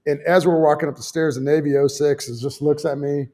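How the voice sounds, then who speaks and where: A man's voice: fairly high pitch, fairly even intonation, brisk, mellow. A man in his fifties, a former fighter pilot, telling a story as a guest in casual conversation; he swears freely, pokes fun at himself and stacks fillers and restarts.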